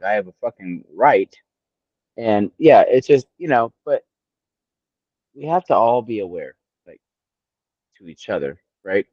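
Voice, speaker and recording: A man's voice: on the low side, no room sound, dull audio. A man in his forties co-hosting a casual podcast chat, blunt and profane. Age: 40s. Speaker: podcast co-host.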